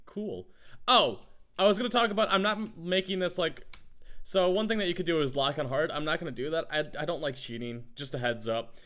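A man with a groggy morning voice, chatting in a rambling, excitable way as he gives let's play commentary. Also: fairly high pitch, fairly quick. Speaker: gaming YouTuber.

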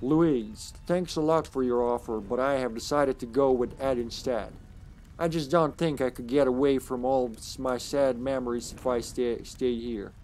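A man reading a letter aloud as a sad young woman saying goodbye, in a put-on Southern American accent and a soft, wistful tone. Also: mid-range voice, steady tone, moderate pace, slight background noise, lightly acted.

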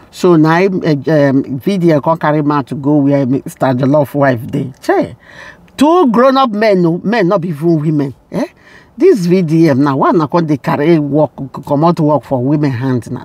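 A man's voice: fairly high pitch, darkish tone, no room sound. A Nigerian man hosting a casual commentary vlog, chatting to viewers in Pidgin. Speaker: vlogger host.

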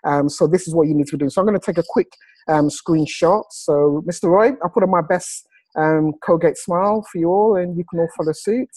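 A man hosting a video call, enthusiastic and salesy, slowing down to stress his points. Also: on the high side, a little mellow, dry recording, rough recording. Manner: enthusiastic, salesy, slows down for emphasis. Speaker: host.

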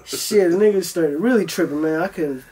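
A man's voice: high-pitched, moderate pace, warm tone, breathy edge. A young man telling a story in a loose, profane style, acting out his own voice as he goes. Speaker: guest. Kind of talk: casual storytelling.

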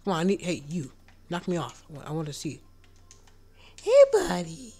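A man giving casual gameplay commentary, excitable, jumping into squeaky outbursts of surprise and dropping to whispered asides, his voice cracking when it goes high. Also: fast talker. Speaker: gaming channel host.

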